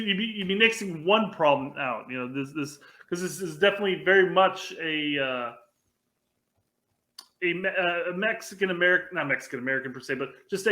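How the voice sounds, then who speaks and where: A man's voice: on the high side, bright, forceful tone. A man co-hosting a casual sports talk show, talking conversationally with frequent restarts. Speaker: podcast co-host.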